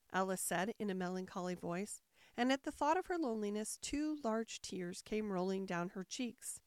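A woman narrating a storybook aloud in an expressive way, switching into voices for the characters. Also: mid-range voice, moderate pace, clean tone, dry recording. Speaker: audiobook narrator. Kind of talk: storybook reading.

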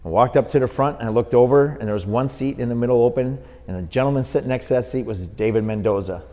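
A man's voice: mid-range voice, fast talker, big-room sound. A middle-aged man from Wisconsin, a boxing referee and podcast guest, telling a long story and acting out the people he quotes. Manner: lively storyteller who acts out the people he quotes. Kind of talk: storytelling in an interview.

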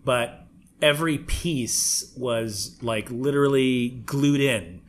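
A man's voice: medium pitch, slow pace. A man co-hosting a podcast, joking, laughing often and swearing freely in casual chat. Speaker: podcast co-host.

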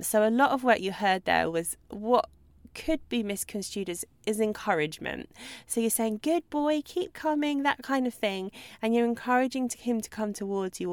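A woman hosting a solo podcast as a dog trainer, talking in a chatty, lively way and acting out examples. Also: mid-range voice, no room sound. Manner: chatty, animated, acts out babbling owner voices.

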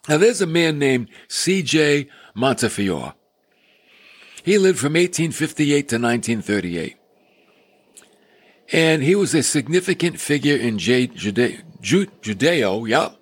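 A man's voice: medium pitch, slow pace, breathy edge, dry recording. A man preaching a sermon, teaching from a Bible passage and asking his listeners questions. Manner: animated, asks the listener questions. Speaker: pastor.

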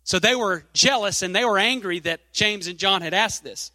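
A man's voice: high-pitched, normal speed, bright, forceful tone, no room sound, in a large hall. A man preaching a sermon, reading scripture aloud and leaning hard on key phrases.

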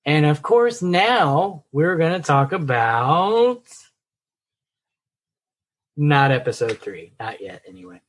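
A man co-hosting a casual movie and TV podcast, chatty and upbeat. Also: on the high side. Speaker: podcast co-host. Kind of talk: casual chat.

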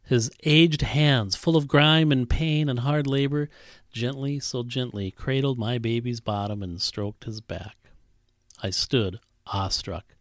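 A male pastor preaching, reading a story aloud and voicing its characters, earnest and dropping to a soft hush at tender moments. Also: measured pace, no echo, clean studio sound. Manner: reads a story aloud, voicing characters with big pitch jumps. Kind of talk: sermon with read-aloud story.

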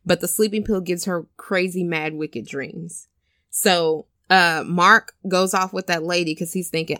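A woman with a slightly low voice retells a film's plot for a podcast, loose and chatty. She bounces into the characters' lines as she goes. The recording is dry and close, with no room sound. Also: measured pace, dry recording. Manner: animated, acts out characters' lines with cursing and laughs. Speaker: podcast co-host retelling a film. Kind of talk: casual chat.

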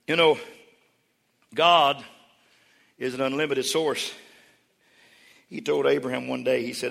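A man preaching a sermon to his congregation, who moves between quiet storytelling and shouted calls for the crowd to respond. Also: medium pitch, steady tone, a little slow, creaky, long pauses. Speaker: pastor. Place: large church hall with congregation. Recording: church hall reverb with congregation.

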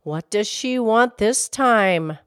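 A woman's voice: medium pitch, expressive, slow pace, fairly bright tone, clean tone, no echo, clean studio sound. A woman voicing a curt, commanding magic fish.

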